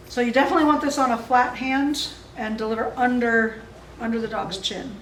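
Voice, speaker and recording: Woman instructor, higher voice, friendly explainer, distant mic in an echoey room. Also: a little hiss or hum. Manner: friendly, explanatory, chuckles often. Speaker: dog training instructor. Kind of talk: instructional seminar talk.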